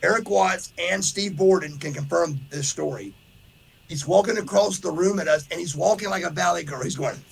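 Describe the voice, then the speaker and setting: A man's voice: high voice, moderate pace, vocal fry, slightly rough. A man hosting a podcast, telling a rowdy story in casual chat and acting out the other people's lines as he goes. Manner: animated storyteller, says "brother", acts out quotes. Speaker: podcast host.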